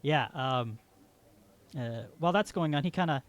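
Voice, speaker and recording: A man's voice: mid-range voice, expressive, moderate pace. A man narrating his character's actions as a player in a tabletop game, in a casual, filler-heavy way.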